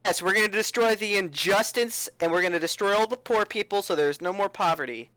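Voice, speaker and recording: A man playing a tabletop game, cracking deadpan dark jokes and shouting in character. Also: sits high, a little fast, rough recording. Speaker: player. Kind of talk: casual tabletop game chat.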